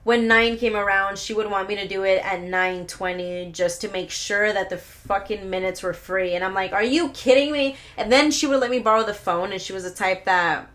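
On her casual solo podcast, a young woman tells meandering stories full of cursing and laughter. Her mid-range voice stays fairly even in intonation, moving at normal speed with few pauses and a fairly bright tone.

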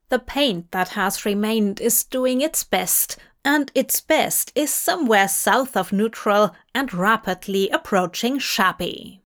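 A woman reading a fanfiction story aloud in measured, gently wry scripted narration. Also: on the high side. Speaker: podfic reader.

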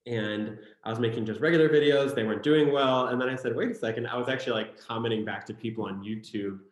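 A man's voice: medium pitch, fast. Chatty young man with a Michigan accent. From Michigan, USA. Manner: chatty storyteller, many fillers. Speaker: guest, content creator. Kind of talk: casual interview chat. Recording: echoey room.

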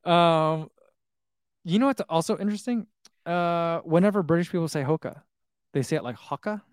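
A man's voice: fairly high pitch, normal speed, clean tone, dry recording. Dry close-miked man chatting casually. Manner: rambling, chuckling, reads viewer comments aloud. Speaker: running shoe vlogger reading live chat. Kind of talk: casual live-stream chat.

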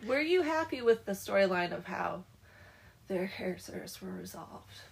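A woman in a casual book discussion, agreeable and lively as she retells scenes. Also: mid-range voice, moderate pace, creaky, poor audio.

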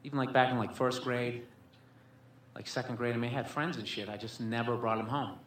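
A man's voice: mid-range voice, steady tone, fairly quick, fairly bright tone, slight background noise. A man doing stand-up storytelling, rambling with constant filler words and swearing, on a comedy club stage. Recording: echoey room with faint ambience.

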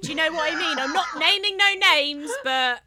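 A woman, an actor and podcast co-host, chatting comically with a dry, deadpan, knowing delivery. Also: high voice, brisk, very noisy. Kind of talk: comic casual chat.

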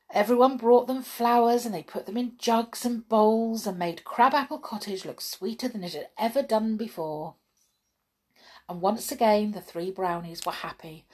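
A woman reading a children's fairy tale aloud in a gentle, expressive storytelling manner. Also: mid-range voice. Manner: gentle, expressive reading with lively dialogue voices.

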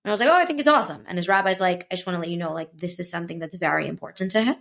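Woman guest, lower voice, lively storyteller who acts out quotes. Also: racing, creaky. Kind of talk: casual storytelling chat.

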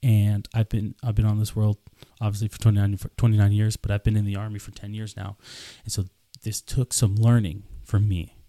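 Gravelly earnest young man storyteller. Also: on the low side, level tone, fairly quick, few pauses, warm tone, no room sound. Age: 20s. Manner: earnest, repeats himself, acts out dialogue. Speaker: podcast host. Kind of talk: casual storytelling.

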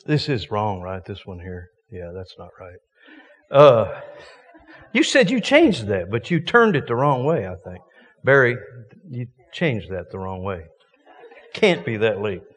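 A man's voice: on the low side, sing-song, unhurried, slightly rough, in a large hall. A man preaching a sermon as a visiting preacher, folksy and joking with emphatic points.

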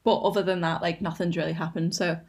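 A woman's voice: lowish voice, steady tone, fast talker. A woman co-hosting a podcast, chatting casually with blunt opinions and frequent laughter. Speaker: podcast co-host. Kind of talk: casual chat.

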